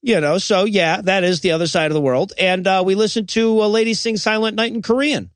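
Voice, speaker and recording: A man's voice: high-pitched, steady tone, brisk, smooth, dry recording, studio quality. A man co-hosting a comedy podcast, recapping a film in a sarcastic, rambling way with many restarts. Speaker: podcast co-host. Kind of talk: casual comedic podcast chat.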